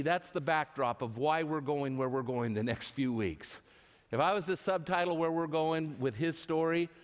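A man preaching a sermon to a live congregation in a church, retelling stories with animation and often restarting his words. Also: fairly high pitch. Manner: animated storytelling with frequent restarts. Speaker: pastor. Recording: long reverb of a large hall.

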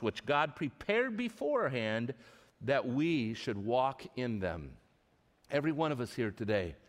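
A man preaching a sermon to a live congregation in a church, retelling stories with animation and often restarting his words. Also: medium pitch. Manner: animated storytelling with frequent restarts. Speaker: pastor. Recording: long reverb of a large hall.

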